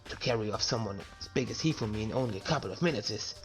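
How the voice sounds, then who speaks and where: A man's voice: on the low side, very fast, close to an everyday voice. A prim, cool-mannered gothic schoolgirl from a video game, put on by a man reading her lines aloud. She speaks politely, in a girlish voice that is put on rather than natural, over faint background music.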